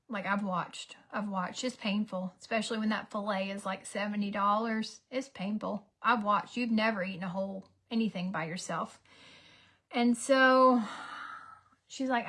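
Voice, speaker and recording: A woman, telling a story as a casual get-ready-with-me vlog, dramatic and animated, sometimes dropping to a whisper. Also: mid-range voice, normal speed. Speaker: beauty vlogger.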